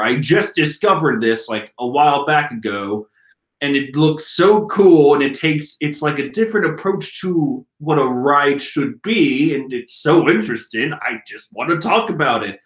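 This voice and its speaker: A man casually reading a comic aloud and chatting, with a giggly manner, at home. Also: on the high side. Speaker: manga reading channel host. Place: room at home. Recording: roomy echo.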